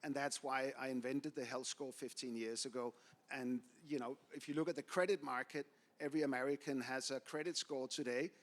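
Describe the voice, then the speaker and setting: A man's voice: medium pitch, fairly even intonation, a little fast. Man, panelist. Blunt, anecdotal, firm opinions. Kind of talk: panel discussion.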